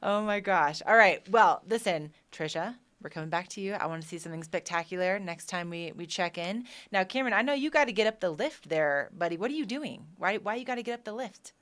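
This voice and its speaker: A woman hosting a live show, upbeat and quick to laugh as she hands off to reporters. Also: mid-range voice, animated, a bit bright. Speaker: show host.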